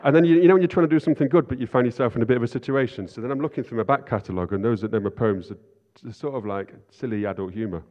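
A man's voice: mid-range voice, rapid-fire, few pauses. A man preaching an informal sermon, chatty and self-deprecating, often asking "right?". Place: church hall. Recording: lo-fi sound in a reverberant hall.

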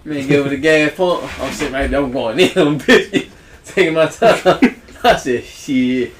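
A man hosting a podcast, telling a casual story that he keeps laughing through and dropping into quiet, low asides. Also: normal speed, a little hiss or hum. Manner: laughs through his stories, drops low and quiet when quoting himself. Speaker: podcast host.

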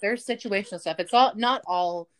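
A woman's voice: medium pitch, normal speed. A young woman co-hosting a podcast in casual chat, laughing often and filling her talk with "like". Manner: chatty, laughs often, heavy use of "like". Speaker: podcast co-host.

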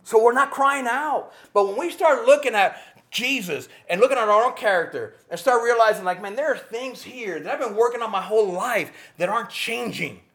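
A man preaching a sermon with passion, rising to near shouts and dropping to quiet, earnest tones. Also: very high voice, lively intonation, fairly quick. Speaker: pastor.

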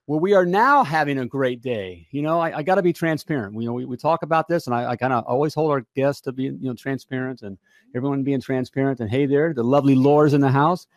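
An American man hosts a live podcast, chatting in an upbeat, folksy style and repeating himself often. His mid-range voice moves at a quick pace with no echo.

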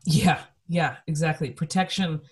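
Earnest woman co-host, steady emphatic talk. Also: deep voice, a little slow. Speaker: podcast co-host. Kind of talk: conversational discussion.

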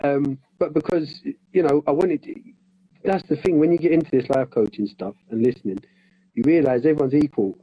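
A man's voice: fairly high pitch, a little fast, dark tone, breathy edge, muffled recording. A man and life coach in training, talking in a casual conversation, rambling with frequent restarts.

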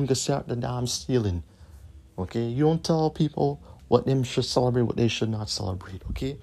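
A man's voice: mid-range voice, darkish tone. A man hosting his own podcast, ranting in a combative, profane way and repeating his points. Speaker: podcast host.

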